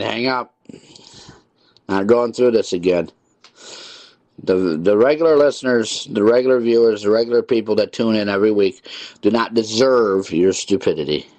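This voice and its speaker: A man's voice: lowish voice, moderate pace, a little mellow, no room sound. A male call-in radio host scolding prank callers in an irritated, repetitive way. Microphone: studio mic with headphones.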